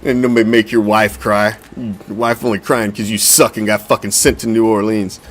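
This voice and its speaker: A man's voice: on the low side, little pitch movement, moderate pace, faint music behind. A middle-aged man hosting a fan sports podcast, ranting heatedly and swearing constantly. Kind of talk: profane sports rant.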